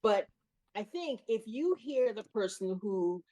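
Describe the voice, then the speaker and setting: A woman's voice: mid-range voice, lively intonation, slow pace, mellow. A woman co-hosting a podcast, talking casually and emphatically about a TV episode. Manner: emphatic, picks words carefully. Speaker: podcast co-host. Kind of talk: casual chat.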